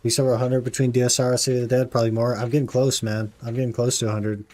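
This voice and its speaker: A man's voice: mid-range voice, level tone, fast talker, a little mellow. A young man streaming a game, chatting casually and laid-back with his viewers, often calling them "man". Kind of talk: casual live-stream chat while gaming.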